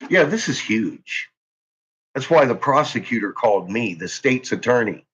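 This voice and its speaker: A man's voice: mid-range voice, lively intonation, normal speed, fairly bright tone, breathy edge. A man hosting his own channel, ranting angrily into the camera with profane, threatening outbursts, jittery and tense. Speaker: channel host. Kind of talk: angry ranting monologue. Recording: dull lo-fi recording.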